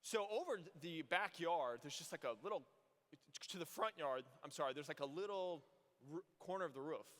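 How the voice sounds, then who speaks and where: A young adult man, a priest from Arizona, telling funny stories in a homily and acting out the voices. His voice sits a little high and comes across bright and forceful. The sound has the long reverb of a large hall. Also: normal speed. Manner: animated storytelling, acts out voices. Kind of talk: youth conference homily.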